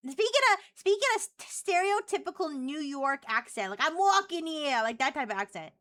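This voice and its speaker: A woman's voice: sits high, very animated, fairly quick, sharp tone. A woman streamer teasing and chatting playfully with an AI voice on a live stream. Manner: playful, teasing, flirty questions.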